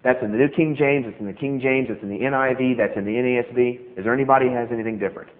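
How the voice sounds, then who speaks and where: A middle-aged man preaching a sermon, emphatic and animated, repeating key phrases for stress. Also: medium pitch, very fast. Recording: tinny phone-like sound.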